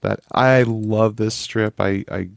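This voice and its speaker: A man with a notably deep voice co-hosts a casual podcast chat. He talks with eager enthusiasm and keeps restarting his sentences. The sound is dry and close to the mic. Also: steady tone, slow, creaky, no echo. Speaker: podcast co-host.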